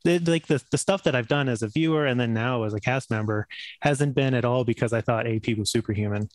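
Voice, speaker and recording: A man who is a cast member on a gaming stream, speaking earnestly in casual chat, halting and restarting often. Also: medium pitch, dry recording.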